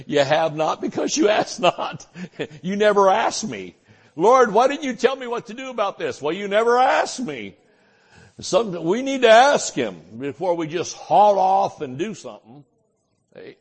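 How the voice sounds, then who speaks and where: An older man preaching with a drawl in a folksy, chuckling way. He acts out short voices and asides as he teaches. His voice sits a little high for a man. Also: breathy edge. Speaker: pastor. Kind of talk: sermon. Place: church.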